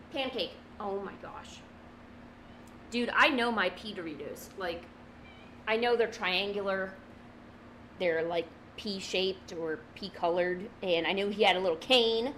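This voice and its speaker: A woman's voice: mid-range voice, a little slow, a bit bright, slight background noise, poor audio. A young woman chatting casually and laughing at herself while she draws, talking to her cat now and then. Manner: giggly, self-mocking, talks to her cat. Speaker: streamer drawing from memory. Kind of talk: casual chat while drawing.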